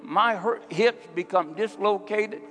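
High-voiced preacher in an echoing church. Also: male voice, slow, faint music behind. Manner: preaching with rising intensity, shouting at peaks. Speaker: pastor. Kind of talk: sermon.

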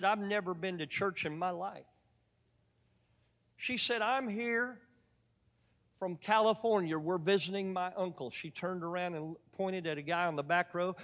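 A man's voice: high voice, a bit bright. A man preaching a sermon, telling stories from the pulpit with a folksy, joking manner toward the congregation. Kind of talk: sermon with storytelling. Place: church sanctuary. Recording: long church reverb.

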